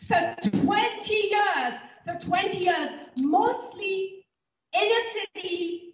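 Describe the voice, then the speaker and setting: A woman's voice: extremely high pitch, a little hiss or hum. A woman from Oregon making a firm, pointed public comment at a community meeting, with some hesitant fillers. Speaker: local resident at a community meeting. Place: large community meeting hall. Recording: echoey hall recorded from far off.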